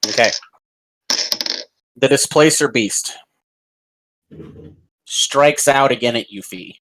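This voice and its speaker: A man's voice: mid-range voice, takes it slowly, fairly bright tone, poor audio. A man narrating as dungeon master, describing the scene vividly and rambling with fillers. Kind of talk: narrating a tabletop game.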